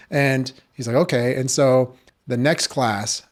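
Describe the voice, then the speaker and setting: In a casual storytelling chat, a podcast guest who coaches jiu-jitsu wanders loosely from point to point, using lots of fillers and casual profanity. He speaks unhurriedly with a steady tone at medium pitch.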